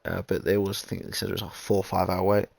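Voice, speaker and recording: A man's voice: deep voice, level tone, very fast, vocal fry, a little mellow, dry recording. A man giving easygoing, rambling commentary on an online racing league, reading out chat messages as he goes. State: recovering from a kidney infection. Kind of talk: casual race commentary.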